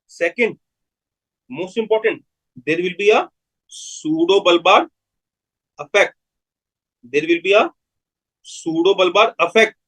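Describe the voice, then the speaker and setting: Husky Indian man quizzing medical students. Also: sits high, slow pace, pauses often, a bit bright, poor audio. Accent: Indian English. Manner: repeats key terms, quizzes students. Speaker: medical lecturer. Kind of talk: live online medical lecture.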